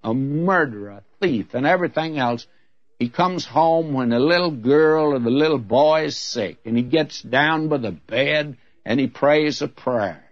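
A man's voice: mid-range voice, a little slow, no echo. Folksy preacher man, dull dry recording. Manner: earnest and folksy, with candid humorous asides. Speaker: radio Bible teacher. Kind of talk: folksy expository sermon.

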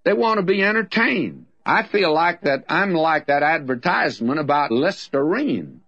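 Older Southern man, radio Bible teacher, folksy and emphatic, lively pitch, dull old radio recording. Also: normal speed, no echo. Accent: Southern American.

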